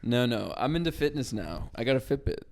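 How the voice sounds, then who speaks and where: A young man co-hosting a casual podcast, an animated storyteller who mimics coworkers and laughs often. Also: medium pitch, a little fast. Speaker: podcast co-host. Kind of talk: casual chat.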